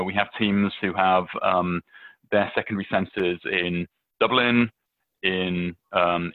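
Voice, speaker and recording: Low-voiced British man on a tinny line. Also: dry recording. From England. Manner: chatty, many fillers and restarts, storytelling. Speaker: venture capitalist guest. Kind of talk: casual interview answers. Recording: dry, tinny phone-like line.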